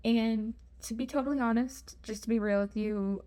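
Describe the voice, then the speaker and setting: A woman's voice: a little high, fairly even intonation, normal speed, warm tone. A young woman telling a travel story in a chatty, self-deprecating vlog. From United States. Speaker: travel vlogger.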